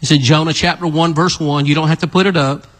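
A man preaching an animated sermon, acting out a story with volunteers and calling out to the congregation. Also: fast, big-room sound. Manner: animated, calls out to the audience, builds to excited high shouts.

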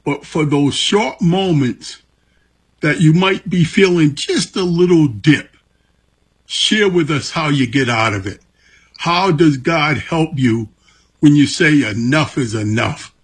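Man host, very husky voice, slightly high, slow questions. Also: lively intonation. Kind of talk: interview questions.

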